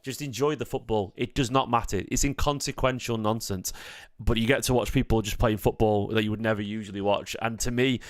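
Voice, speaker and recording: A man hosting a live football watchalong, chatty and jokey, quick to get excited. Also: lowish voice, dry recording, clean studio sound. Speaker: fan channel host.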